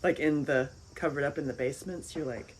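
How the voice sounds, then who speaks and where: A woman talking as an interview guest in casual chat. She is animated, laughs often and repeats phrases. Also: sits low, a little fast, a little hiss or hum, poor audio. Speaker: interview guest, filmmaker and author.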